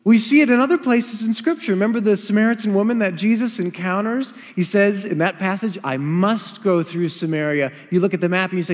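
A male pastor delivering an emphatic sermon in a church. His voice sits a little high for a man, and a long reverb trails after his words. He keeps asking rhetorical questions and sometimes acts out what people would say. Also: brisk, hardly any pauses.

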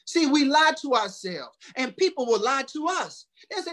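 Sweating in the heat, a preacher addresses his congregation head-on with a folksy, funny sermon. His voice is very high-pitched and fairly bright, very animated, at normal speed.

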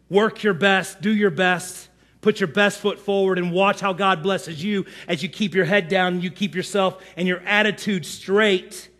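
A man preaching a sermon to his congregation, animated, acting out whiny complaints in quoted voices. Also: high voice. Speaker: pastor.

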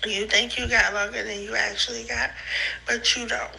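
A young woman recording rambling phone voice notes, giggly, profane and slangy, high and tearful, often breaking into laughing squeals. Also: little pitch movement, normal speed, creaky, pushed and bright, rough recording. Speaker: podcaster sending voice notes. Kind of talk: rambling voice-note monologue. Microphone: phone voice memo.

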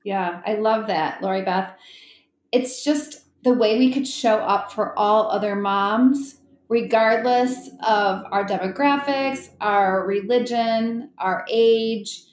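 A woman's voice: medium pitch, slow. A woman hosting a podcast who responds affirmingly and asks her guests reflective questions. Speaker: podcast host. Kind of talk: hosting conversation. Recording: echoey room.

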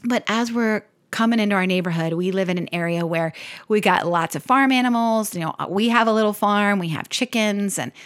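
A woman in her forties hosting a faith podcast, telling personal stories expressively with soft laughs. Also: medium pitch, brisk, clear, resonant tone. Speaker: podcast host. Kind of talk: faith-based podcast talk.

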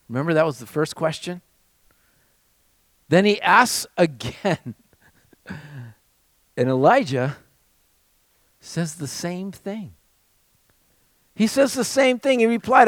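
A man preaching a sermon as pastor, with dramatic swings between raised passages and hushed, almost whispered lines. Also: high voice, expressive, takes it slowly, pauses often, no room sound.

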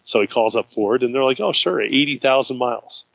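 A man casually telling a road-trip story in a chat, acting out the voices of the people he met with big jumps in pitch. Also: a little fast, creaky, a bit bright, no room sound, highs cut off. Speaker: guest.

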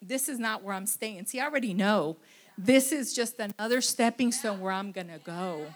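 A woman giving a tearful, halting testimony in church, full of restarts and fillers. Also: mid-range voice. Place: church sanctuary.

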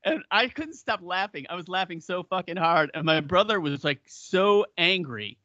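A podcast co-host with a high-pitched voice tells stories at a moderate pace in casual, profane chat, animatedly acting out the people he quotes. The recording is lo-fi, with no room sound.

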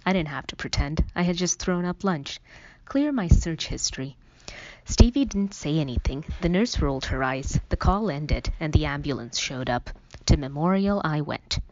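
A woman's voice: low voice, lively intonation, moderate pace, a little mellow, no room sound. A woman reading a first-person story aloud in a wry, conversational way. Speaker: audiobook narrator. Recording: dull, dry lo-fi recording.

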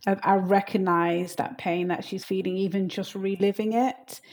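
Middle-aged woman co-host, earnest and measured, middle pitch. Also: steady tone, a little mellow. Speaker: podcast co-host. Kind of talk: casual podcast chat.

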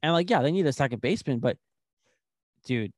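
A young man co-hosting a casual sports chat, excitable and rambling, full of "like". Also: medium pitch, fairly quick, no echo, clean studio sound. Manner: excitable, rambling, heavy use of "like". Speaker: sports podcast co-host.

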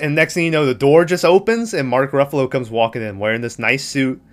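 Swearing animated young man retelling a film. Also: mid-range voice, quick pace. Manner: animated retelling, acts out quotes, swears freely. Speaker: podcast host recapping a movie. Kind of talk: casual chat.

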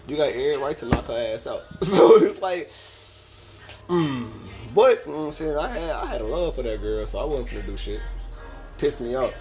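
A man's voice: medium pitch, expressive, brisk, darkish tone, faint music behind. A young man, telling a podcast story in a casual, profane, laughing way. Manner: profane, laid-back, laughing asides. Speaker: podcast host.

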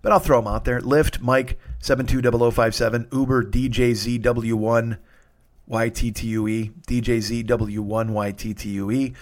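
A man's voice: medium pitch, steady tone, normal speed. A man hosting a solo comedy podcast, tired and sniffly, rambling and swearing with self-mocking humor.

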